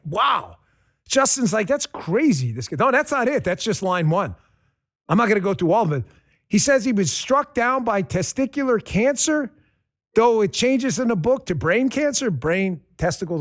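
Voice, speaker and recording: A male host delivering a sarcastic political monologue. His voice sits high and swings widely, rising and dropping as he riffs. He talks in a loose, animated way, mixing jokes with argument.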